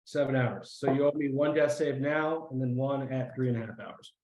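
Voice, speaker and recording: A man running a tabletop game as game master, halting and often breaking into laughter. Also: medium pitch, steady tone, a little mellow, roomy sound, a little hiss or hum, low-quality recording.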